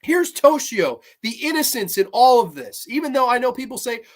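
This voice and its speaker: High pitched lady ranting about a horror movie, sarcastic and swearing a lot. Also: very animated, moderate pace. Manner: exasperated, sarcastic, swears heavily. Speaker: horror review host. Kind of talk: profane ranting film review.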